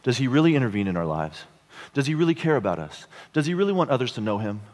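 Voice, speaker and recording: A man in his thirties preaching a sermon, telling a story with frequent chuckles and halting restarts. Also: medium pitch, very animated, darkish tone. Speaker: pastor. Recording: long hall reverb.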